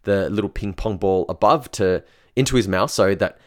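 A man's voice: fairly low pitch, normal speed. A young man telling a personal story in a loose, chatty, profane way. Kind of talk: casual storytelling.

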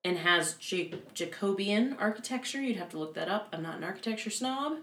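A woman's voice: medium pitch, animated, brisk, fairly bright tone, roomy sound. A woman in her thirties hosting a podcast, telling a haunted history story in casual chat, with lots of fillers. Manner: chatty, many fillers, laughs easily.

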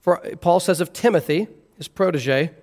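A man's voice: high-pitched, moderate pace, a little mellow, long reverb tail. A man preaching an expository sermon, earnestly explaining scripture verse by verse. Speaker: pastor.

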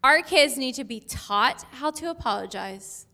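Woman pastor in her 30s, chatty sermon, lots of likes and laughs, bright kinda high voice. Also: lively intonation, unhurried. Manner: chatty, laughs a lot, many fillers like "like". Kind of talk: conversational sermon.

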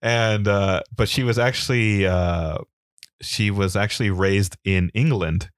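Male podcast co-host, low and dry, rambling and easygoing. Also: no echo. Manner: easygoing, rambling with fillers, quick laughs. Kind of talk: casual chat and wrestling recap.

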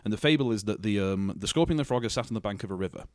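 A man's voice: lowish voice, lively intonation, racing, darkish tone, no room sound, clean studio sound. A man co-hosting a podcast, chatting casually and telling a rambling story with self-deprecating jokes. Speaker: podcast co-host. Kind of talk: casual chat.

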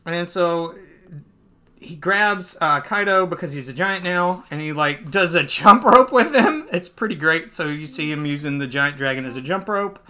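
A man hosting a podcast, recapping a comic in casual chat. He talks in a loose, chatty way, laughs easily and jumps into squeaky voices when he acts out scenes. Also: normal speed. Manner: animated, jumps into high squeaky voices when acting out lines. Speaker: podcast host.

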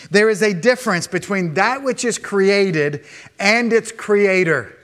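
A man with a somewhat high voice preaches a sermon. He moves between quiet, earnest passages and raised, emphatic declarations, teaching his congregation as he goes. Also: measured pace. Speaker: pastor.

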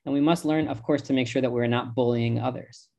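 A man as an interview guest, answering in a measured, deliberate way. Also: mid-range voice, steady tone, creaky, a little mellow, highs cut off.

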